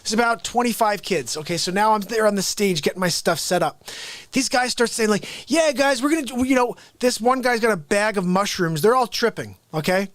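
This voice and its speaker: High-voiced animated male storyteller. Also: a little fast, no echo. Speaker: host. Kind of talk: casual live-stream storytelling.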